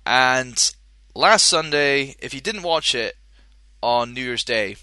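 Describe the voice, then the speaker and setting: A man's voice: mid-range voice, animated, slow pace, bright, forceful tone, smooth, no room sound, clean studio sound. A man hosting a podcast, chatting casually and jokily, rambling with many fillers. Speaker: podcast host. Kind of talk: casual chat.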